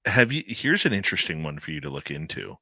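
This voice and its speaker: A man's voice: extremely low pitch, big pitch swings, fast, sharp tone, no room sound, clean studio sound. A man hosting a talk radio show, chatting with a guest and reading upbeat promos. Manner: upbeat promo delivery, conversational. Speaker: radio host.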